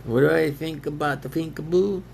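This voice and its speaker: A man's voice: a little high, moderate pace, vocal fry, a little mellow, slight background noise. A man rambling to himself with frequent laughs, arguing back and forth as if two people were talking. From United States. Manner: laughs often, argues with himself in two voices. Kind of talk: rambling self-talk monologue.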